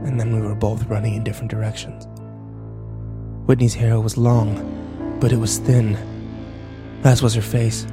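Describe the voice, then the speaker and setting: A man narrating a dark first-person story in a tense, emotional way. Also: on the low side, little pitch movement, a little slow, long pauses, over music.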